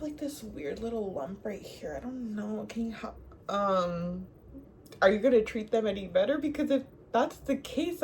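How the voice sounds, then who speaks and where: A young woman giving relationship advice in a sassy, animated, casual monologue to the viewer, often laughing. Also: medium pitch. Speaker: advice vlogger.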